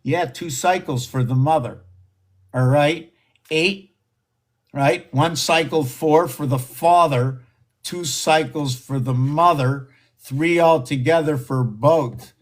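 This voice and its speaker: A man hosting a live stream, rambling excitedly and often slipping into a squeaky high falsetto. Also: takes it slowly. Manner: excitable, exclaims and gasps. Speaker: livestream host.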